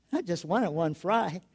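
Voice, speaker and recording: Animated, chuckling male pastor preaching. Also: high voice, husky. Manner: animated storytelling, builds to loud emphatic questions, chuckles often. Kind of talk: sermon.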